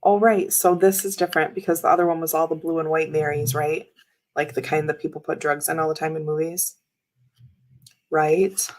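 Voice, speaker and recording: A woman's voice: low-pitched, fairly even intonation, normal speed, poor audio. A woman in her thirties hosting a casual chat while showing tarot cards, talking in a rambling, chatty way with lots of fillers. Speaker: tarot reader and livestream host.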